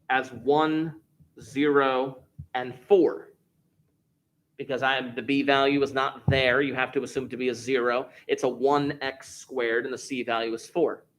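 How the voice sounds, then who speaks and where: A man's voice: mid-range voice, a bit bright. Male math teacher explaining step by step. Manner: explains step by step, repeats key points; stresses words for emphasis. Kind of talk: classroom lesson.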